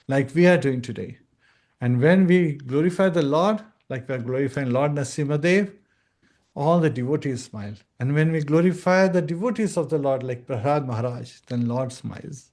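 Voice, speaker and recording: Male spiritual teacher, slightly high voice; earnest sermon delivery that breaks into slow chanting and little acted dialogues. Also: a little mellow. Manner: earnest, sings chant phrases slowly, acts out short dialogues. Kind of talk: devotional scripture talk.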